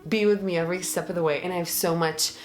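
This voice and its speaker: A woman's voice: lowish voice, steady tone, fast talker, faint music behind. A young pregnant woman talking earnestly and emotionally to her viewers in a casual vlog, with many fillers. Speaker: vlogger. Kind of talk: casual vlog talk to camera.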